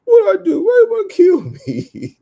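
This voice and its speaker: A man voicing a doomed man who whines and pleads for his life in a high, strained voice. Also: huge pitch swings, moderate pace, gravelly, mellow, full character voice. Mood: pleading.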